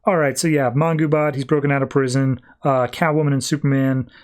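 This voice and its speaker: A man voicing a sharp, skeptical woman reporter in a comic recap, incredulous and scolding. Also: medium pitch, fairly even intonation, fairly quick, natural voice. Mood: demanding.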